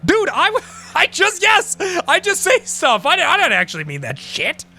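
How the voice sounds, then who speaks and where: Bright, excitable streamer man, swearing freely. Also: extremely high pitch, normal speed. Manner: excitable, profane, mock-outraged outbursts. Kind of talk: casual live-stream chat.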